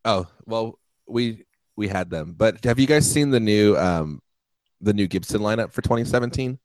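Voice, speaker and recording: Deep-voiced man chatting on a podcast. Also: expressive, normal speed, darkish tone, no room sound, low-quality recording. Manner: chatty, laughs often. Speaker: podcast co-host. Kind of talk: casual chat.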